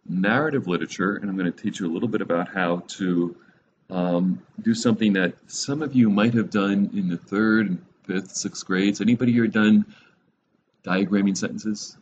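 Deep-voiced man teaching a Bible class. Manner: relaxed, rambling, many fillers and restarts. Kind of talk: classroom lecture. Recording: dull lo-fi recording with faint noise.

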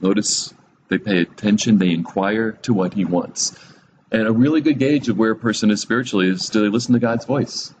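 A man leads a relaxed Bible teaching in a fairly low voice, mixing reading with quick jokes and frequent chuckles. He turns to his listeners with direct, searching questions. A faint hum of room noise sits behind him. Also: rough recording. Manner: chuckles often, humorous asides.

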